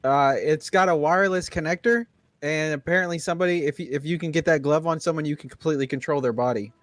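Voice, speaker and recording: A man's voice: a little high, fast, dry recording. A man playing a tabletop game who chats casually and rambles, restarting his sentences often. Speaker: player.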